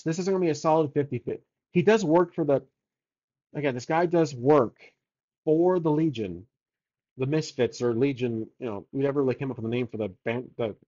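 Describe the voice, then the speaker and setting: A man's voice: medium pitch, darkish tone, highs cut off. A man narrating his solo tabletop game, casually thinking aloud and rolling odds for each choice.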